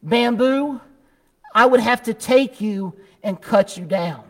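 A preacher voicing a grave, loving male master of a garden, speaking in a measured way, recorded in a church. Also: very high-pitched, in a large hall, heavily acted.

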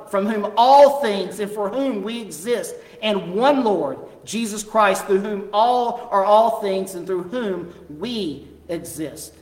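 A preacher moves through a sermon at a slow, deliberate pace and drives points home by repeating key phrases. The voice carries a roomy echo with a long reverb tail, like a large hall. The pitch sits in a middle register.

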